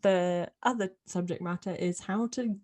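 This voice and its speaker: A woman's voice: on the low side, normal speed, darkish tone. A young woman with a British accent, co-hosting a podcast in friendly casual chat. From United Kingdom. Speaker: podcast co-host.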